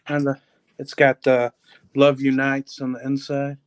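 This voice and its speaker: A man's voice: medium pitch, monotone, measured pace, clear, resonant tone. A man from northern Michigan chatting casually as a guest on a video call, giving short, easygoing answers. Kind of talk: casual chat.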